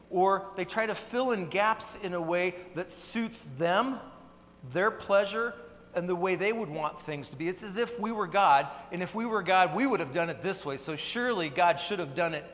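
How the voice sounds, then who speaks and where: A pastor with a fairly bright tone and a voice a bit higher than most men's delivers an earnest, conversational sermon. The setting is a church sanctuary, where each phrase dissolves into long reverb.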